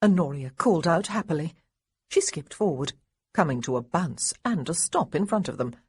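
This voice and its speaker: Husky woman narrating an audiobook. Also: sits low, normal speed, no echo. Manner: expressive, voices the boys lightly. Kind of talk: scripted narration.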